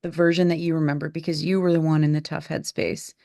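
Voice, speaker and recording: A woman's voice: deep voice, little pitch movement, fast talker, warm tone, no room sound, studio quality. A woman in her forties hosting a candid podcast, telling a family story in an earnest, reflective way. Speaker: podcast host and mother.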